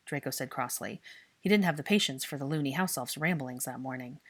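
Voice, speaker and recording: A woman reading a fan fiction story aloud in a steady, expressive narration. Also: a bass voice, brisk, slightly rough.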